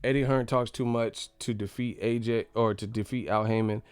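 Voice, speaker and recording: A man's voice: medium pitch, steady tone, normal speed, a little mellow, clear, resonant tone, no echo. Heated man ranting on a live stream. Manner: heated, mocking, slangy, repeats points. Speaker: boxing commentary channel host.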